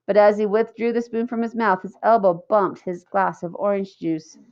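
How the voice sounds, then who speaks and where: A woman's voice: mid-range voice, normal speed, lo-fi sound. Woman narrating a children's novel. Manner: clear, steady read-aloud storytelling. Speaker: audiobook narrator. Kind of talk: scripted narration.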